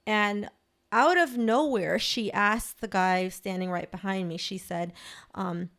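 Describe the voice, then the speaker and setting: A woman's voice: medium pitch, measured pace, gravelly, a bit bright. A woman from Belize, a guest author, telling a personal story in earnest with many restarts. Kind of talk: conversational interview.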